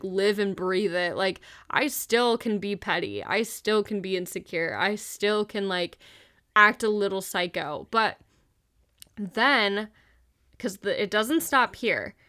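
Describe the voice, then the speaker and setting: A young woman hosting a podcast has a mid-range voice that sounds pushed and bright. She tells a personal story in a casual, confessional way, candid and chatty, and swears freely.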